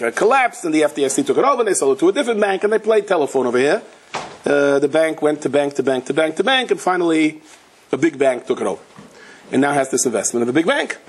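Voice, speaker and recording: Animated storytelling rabbi, slightly husky. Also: male voice. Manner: animated storyteller, acts out quotes with big pitch jumps. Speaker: rabbi giving a Torah lecture. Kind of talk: storytelling Torah lecture.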